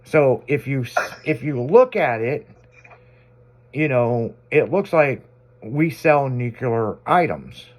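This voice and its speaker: A man's voice: mid-range voice, animated, slow. Crude, laughing male radio host. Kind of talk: casual radio banter.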